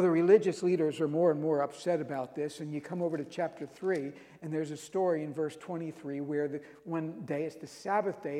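A man's voice: on the high side, mellow, long reverb tail. A man preaching a sermon, retelling scripture stories with emphasis and reading verses aloud.

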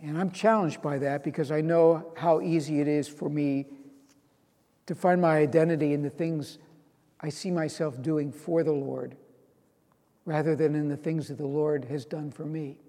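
A man's voice: a little high, fairly even intonation, moderate pace, mellow, long reverb tail. A man preaching a sermon, earnest, reading out scripture and stressing key lines. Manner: earnest, quoting scripture with rising emphasis.

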